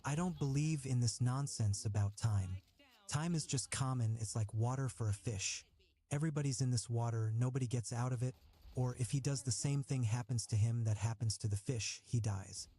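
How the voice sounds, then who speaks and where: A man's voice: mid-range voice, normal speed, warm tone, slightly rough, natural voice. A man reading a novel aloud, voicing a sardonic, teasing young Italian man who argues in a mocking, grandly philosophical way. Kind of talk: audiobook reading.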